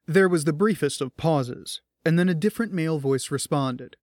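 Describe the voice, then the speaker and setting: A man narrating a science fiction audiobook in an even storytelling manner. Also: on the high side, normal speed, dry recording, studio quality. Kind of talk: scripted narration.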